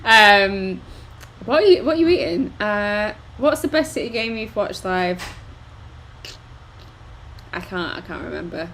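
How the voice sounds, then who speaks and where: A woman's voice: medium pitch, very animated, measured pace, long pauses, fairly bright tone, slight background noise. A woman co-hosting a casual live stream, a little drunk, chatting and asking viewers questions. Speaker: co-host.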